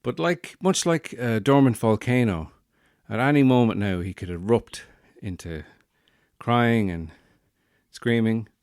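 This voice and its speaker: A fairly low, slightly mellow male voice with a clean tone comes through a dry recording, a little slow. He's a podcast host and new father, young adult or middle-aged, joking dryly and self-deprecatingly in a casual monologue.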